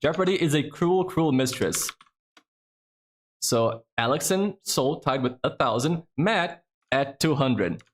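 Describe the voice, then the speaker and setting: A man's voice: fairly high pitch, lively intonation, takes it slowly. A man hosting a trivia game on a live stream, chatty and casual, swearing freely as he thinks aloud.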